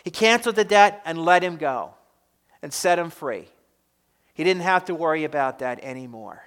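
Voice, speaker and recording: A male pastor preaching a sermon with emphatic delivery, swinging between loud stresses and quiet drops, recorded with an echoey hall reverb. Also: fairly high pitch, animated, normal speed, smooth.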